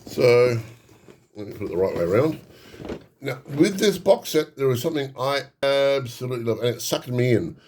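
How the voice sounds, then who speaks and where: A middle-aged man hosting a casual unboxing vlog, excitable and nostalgic, gushing with frequent exclamations. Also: mid-range voice, normal speed, slight background noise. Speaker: hobby channel host.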